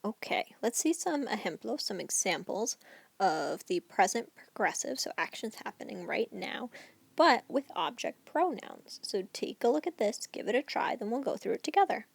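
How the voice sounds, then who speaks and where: A woman teaching a recorded Spanish grammar lesson, explaining each rule clearly and reading example sentences aloud. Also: a little high, sing-song, moderate pace, no room sound.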